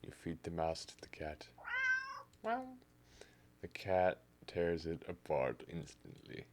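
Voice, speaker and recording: A man's voice: sits low, steady tone, slow, a little mellow. A man streaming live, reading a text game aloud in the second person and reacting as he goes.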